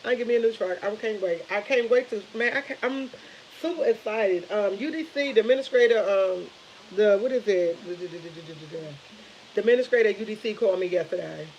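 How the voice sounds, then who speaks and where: A woman's voice: mid-range voice, brisk, darkish tone. Woman just talking on her stream, rambly, kinda dull audio w/ a little hiss. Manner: chatty, rambling, retells conversations. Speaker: vlogger. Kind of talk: casual live-stream chat.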